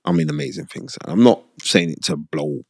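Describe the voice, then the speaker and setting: A middle-aged man talks in a low, gravelly voice that crackles with fry. He tells his stories with animated emphasis, circling back on phrases and checking in with his listener. The sound is dry and close, with no room around it. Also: normal speed, no room sound. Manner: animated, emphatic, repeats phrases for effect, frequent "you know what I mean". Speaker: podcast host sharing his boxing past. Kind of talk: conversational storytelling.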